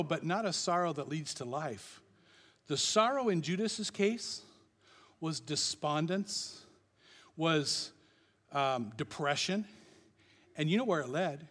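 A man preaching a passionate sermon as pastor, swinging between loud declarations and hushed, quiet lines. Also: a little high, in a large hall.

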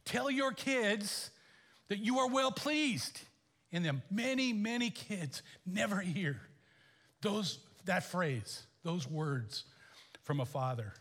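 A man preaching a sermon as pastor, animated, with chuckles and emphatic questions. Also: sits high, slow pace. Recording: echoey hall.

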